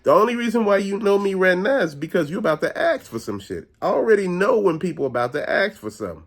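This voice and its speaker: A man's voice: sits high, sing-song, fast talker. A man hosting his own channel, delivering a blunt, profane, preachy rant straight to viewers. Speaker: host. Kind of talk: ranting monologue.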